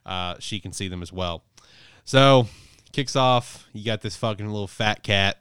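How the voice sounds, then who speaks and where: A man hosting a casual podcast, recapping a manga chapter in a profane, rambling, animated way. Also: on the low side, measured pace, clean tone, no room sound, studio quality. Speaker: podcast host reviewing manga. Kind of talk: casual chat.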